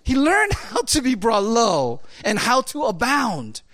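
Animated, chatty male preacher. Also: very high voice, slow pace. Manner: animated, conversational, many fillers. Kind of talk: sermon.

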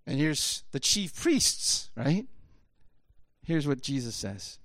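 A pastor giving a conversational sermon in an animated, rhetorical way, often tossing in quick asides to the listeners. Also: male voice, medium pitch, no echo, studio quality.

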